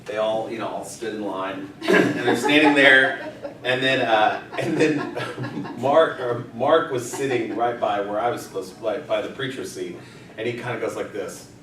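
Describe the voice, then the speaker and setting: A man, a pastor, telling a funny story to a group in a casual, animated way with bursts of laughter. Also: mid-range voice, measured pace. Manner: animated, laughing storyteller who acts out quotes. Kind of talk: casual anecdote told to a group. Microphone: distant room mic. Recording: echoey room, mic far off, chattering group.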